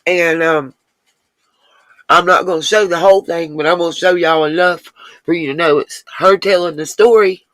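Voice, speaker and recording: A woman's voice: on the low side, fairly even intonation, fairly bright tone, no room sound. A woman hosting a casual livestream, chatting with her viewers and answering their comments as they come in. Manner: chatty, talks straight to viewers, drawn-out asides. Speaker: livestream host.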